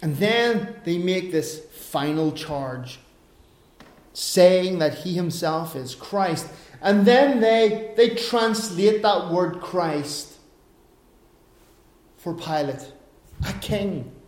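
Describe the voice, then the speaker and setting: A man's voice: sits high, animated, extremely slow, pauses often, darkish tone. A man preaching a sermon earnestly, asking rhetorical questions, recorded in an echoey room.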